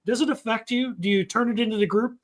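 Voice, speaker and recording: High-voiced joking man hosting. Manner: joking, loud teasing, quick to laugh. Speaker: host. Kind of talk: casual group chat over a card game.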